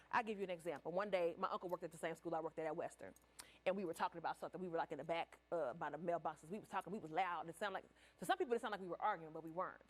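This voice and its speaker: A woman presenting to educators in a large room on a handheld mic, direct and animated, telling stories with asides to the audience. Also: lowish voice, fast talker. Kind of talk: conversational workshop talk. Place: large room at a professional development event. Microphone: handheld microphone.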